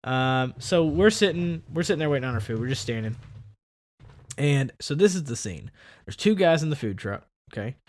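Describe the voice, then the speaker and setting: A man co-hosting a podcast, telling a story in casual chat and acting out the people in it. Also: moderate pace. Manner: animated, acts out quoted people with big pitch jumps. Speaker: podcast co-host.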